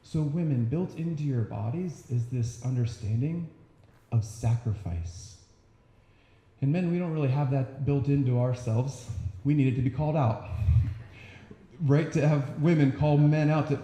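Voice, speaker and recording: A young man giving an earnest, animated faith talk to an audience, often acting out quotes. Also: mid-range voice, normal speed, echoey room. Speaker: speaker.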